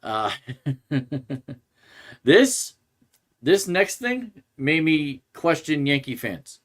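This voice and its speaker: A man's voice: fairly high pitch, big pitch swings, extremely slow, long pauses. A man hosting a sports podcast, ranting in a rambling way and restarting his sentences often. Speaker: podcast host. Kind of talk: casual sports rant.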